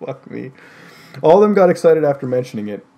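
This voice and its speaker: A man's voice: medium pitch, sing-song, fairly quick, very noisy. A man reading a joke story aloud with friends, breaking into laughter and swearing in exasperated asides. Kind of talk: comic read-aloud on a group call.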